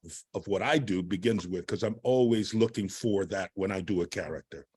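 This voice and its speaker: A man's voice: low-pitched, brisk, a little mellow, slightly rough. An older man, an actor guest, giving reflective and expansive interview answers with an occasional chuckle.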